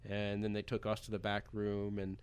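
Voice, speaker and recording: An American man, a poker pro guest on a radio show, telling a story in an animated, chatty way and laughing as he goes. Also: fairly low pitch, normal speed, clean tone. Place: radio studio.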